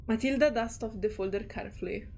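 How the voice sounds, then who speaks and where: A woman's voice: a little high, fast, vocal fry, darkish tone, slight background noise. A woman streamer reading game text aloud and reacting in a chatty, giggly way. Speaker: gaming streamer.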